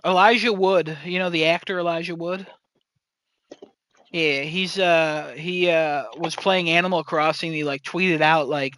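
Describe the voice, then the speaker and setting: Bright, rambling, swearing young man. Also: on the high side, fairly even intonation, measured pace. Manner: rambling, profane, jokey storytelling. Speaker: podcast host. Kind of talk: casual chat.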